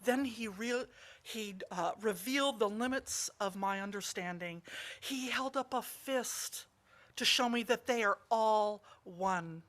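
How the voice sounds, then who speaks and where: A woman's voice: medium pitch, takes it slowly, a bit bright. A woman voicing a nervous, humble visiting male monk in a parable told during a service, speaking earnestly and self-effacingly. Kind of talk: storytelling in a service.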